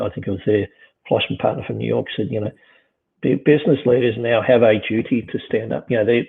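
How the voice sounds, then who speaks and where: A middle-aged man talks casually and circles his points with endless fillers. His voice has a gravelly fry at its base. It sounds squeezed through a narrow, phone-like line. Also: mid-range voice. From Australia. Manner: rambling, many "you know" fillers and restarts. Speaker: business leader guest. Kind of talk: casual conversation.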